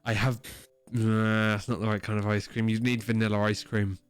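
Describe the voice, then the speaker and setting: A man's voice: fairly low pitch, level tone, normal speed, smooth, soft background music. A man co-hosting a podcast, chatting casually and joking, with offhand swearing. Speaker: podcast co-host. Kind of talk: casual chat.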